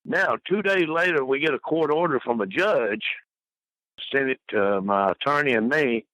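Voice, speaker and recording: Older man, rambling storyteller, bright voice. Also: animated, moderate pace, no room sound, low-quality recording. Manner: rambling anecdotes full of fillers; mimics people he quotes in high voices. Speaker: podcast guest. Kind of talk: storytelling interview.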